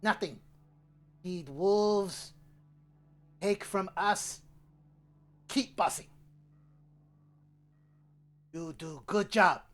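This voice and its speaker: A man's voice: sits high, drawn-out words, pauses often, fairly bright tone, voice pushed up, exaggerated voice. A man voicing a big armored male goblin boss who gloats in broken, grunting speech. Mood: gloating.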